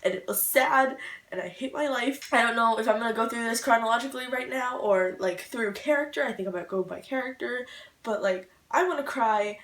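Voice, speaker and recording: A woman's voice: fairly high pitch, a little fast, fairly bright tone, recorded from a distance. A young woman vlogging her reaction to a book, rambling and emotional with lots of "like", recorded at home on a camera mic. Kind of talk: casual book reaction vlog. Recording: echoey room, voice a little off-mic.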